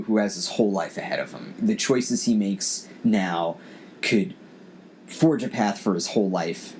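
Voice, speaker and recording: This podcast host's voice is on the low side, with a darkish tone and a little background noise. In a casual storytelling chat he recounts something personal, emotional and earnest, repeating words often.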